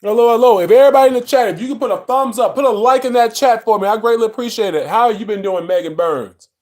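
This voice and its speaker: A man's voice: high-pitched, quick pace, darkish tone. A man hosting a casual live stream from his phone, greeting viewers by name with lots of ums and restarts. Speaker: livestream host. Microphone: phone mic.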